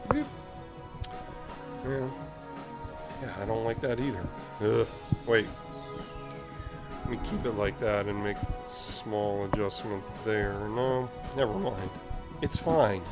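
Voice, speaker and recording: A man's voice: on the low side, slow pace, long pauses, over music. A man hosting a live stream, chatting casually and reading viewer messages aloud as he answers them. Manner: rambling, reads viewer chat aloud and answers it. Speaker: livestream host. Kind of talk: casual live chat while using a computer.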